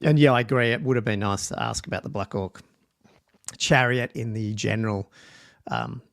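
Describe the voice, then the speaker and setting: A man's voice: on the low side, moderate pace, vocal fry, no echo. A man hosting a livestream podcast, reading out rules and thinking aloud in a loose, casual way with ums and restarts. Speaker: podcast host.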